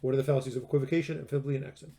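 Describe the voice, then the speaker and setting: A man's voice: mid-range voice, little pitch movement, racing, dark tone. A man giving a recorded classroom lecture on logic, talking in a conversational way, stressing words for emphasis and often restarting his sentences.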